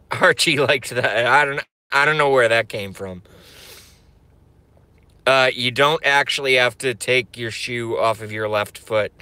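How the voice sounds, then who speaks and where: A man's voice: lowish voice, bright, forceful tone, clear, resonant tone, dry recording. A man ranting profanely on a livestream, rambling and repeating his lines for comic effect. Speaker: streamer.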